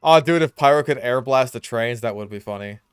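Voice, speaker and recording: A young man giving casual, chatty commentary over his own gameplay, now and then bursting out in loud reactions. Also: medium pitch, fairly quick, smooth, no echo, clean studio sound. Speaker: gaming YouTuber.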